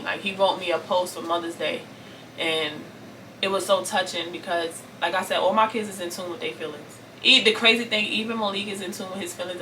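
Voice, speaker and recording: A woman from Brooklyn in her thirties, venting on camera about family pain, raw and tearful, repeating herself as she swings from forceful to soft. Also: on the low side, recorded from a distance, slight background noise, poor audio. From Brooklyn, New York. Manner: raw and tearful, repeating phrases, rising intensity then soft pleading. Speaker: vlogger. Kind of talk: emotional storytime vent to camera.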